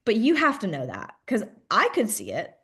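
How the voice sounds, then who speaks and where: Animated woman coaching a live training. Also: mid-range voice, moderate pace, slightly rough. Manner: animated, acts out client voices, frequent "okay" and "right".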